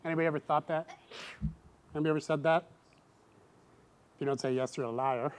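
Animated high-voiced male preacher. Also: quick pace, long pauses. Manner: animated, acts out quoted voices with big pitch jumps. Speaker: pastor. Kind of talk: sermon.

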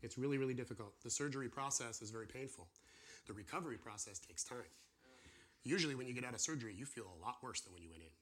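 A man teaching an informal sermon to a class, animated and acting out the voices of people and God. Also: medium pitch, fast. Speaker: pastor or church teacher.

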